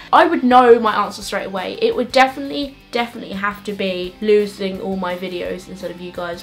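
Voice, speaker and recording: A woman answering viewer questions in a casual vlog to camera, chatty and self-mocking, with quick joking asides. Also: mid-range voice.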